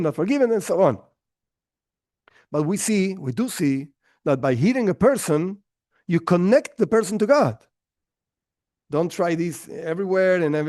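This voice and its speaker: A man, a rabbi, giving a storytelling lesson in an animated way. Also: high voice, dry recording, studio quality. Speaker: rabbi teaching a class.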